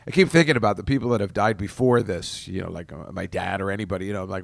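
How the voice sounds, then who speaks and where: A man's voice: low voice, quick pace, gravelly, dry recording, clean studio sound. Chatty man rambling on a podcast. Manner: rambling, self-interrupting, chuckling storyteller. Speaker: podcast host. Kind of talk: casual solo podcast chat.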